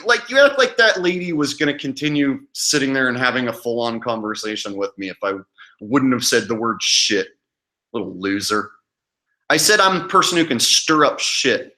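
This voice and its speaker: A man's voice: mid-range voice, moderate pace, sharp tone. A man hosting his own livestream, talking casually in a profane, defiant way and mocking his critics. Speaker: channel host.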